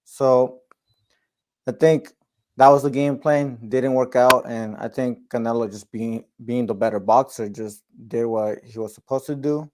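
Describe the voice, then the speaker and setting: A man's voice: mid-range voice, steady tone, unhurried, a little mellow, rough recording. A man co-hosting a casual sports chat, giving his opinions and thinking aloud with frequent "like"s. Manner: thinks aloud with lots of "like" and restarts. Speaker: co-host.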